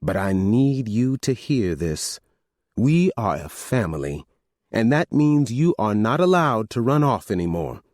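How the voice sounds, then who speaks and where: A man reading an audiobook, voicing an older mother who calmly and firmly lays down the law to her grown children. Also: lowish voice, unhurried, no echo, studio quality. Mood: firm, commanding. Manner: firm, commanding, calm. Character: stern family matriarch, older woman.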